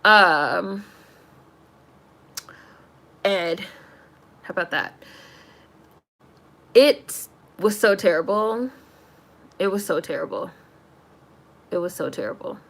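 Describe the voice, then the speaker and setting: Her voice is mid-range, gravelly and a bit bright, and she speaks slowly and expressively with frequent pauses. Addressing her live chat, this woman rants about a movie with profanity, exasperated laughter, and constant "like".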